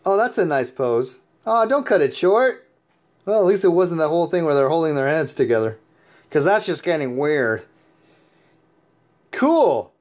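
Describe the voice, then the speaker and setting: A tired, sleepy man giving chatty, excitable gameplay commentary as host of his own channel, laughing often. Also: fairly high pitch, moderate pace, pauses often. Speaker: mobile game player and YouTube host.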